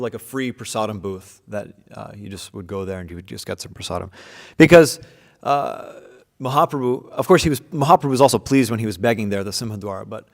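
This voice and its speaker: A man's voice: medium pitch, long reverb tail. A man teaching an informal scripture class to a group, talking casually with many fillers and restarts. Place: room with devotees present.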